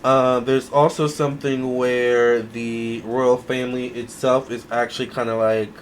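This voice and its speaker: A man doing a casual tarot reading to camera, musing aloud in an unhurried way with many fillers. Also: medium pitch, level tone, a little hiss or hum. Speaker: tarot reader.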